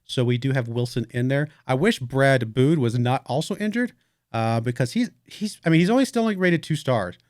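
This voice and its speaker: Relaxed man rambling over a game. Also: medium pitch, moderate pace, no echo, studio quality. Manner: relaxed, rambling, yawning, thinking aloud with fillers. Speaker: let's play host. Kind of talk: casual gameplay commentary.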